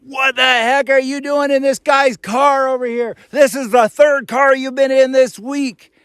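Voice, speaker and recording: A man putting on the voice of a furious woman yelling accusations from a pickup truck. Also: extremely high pitch, steady tone, unhurried, clean tone, dry recording, clean studio sound, pitched above the performer's own voice, full character voice.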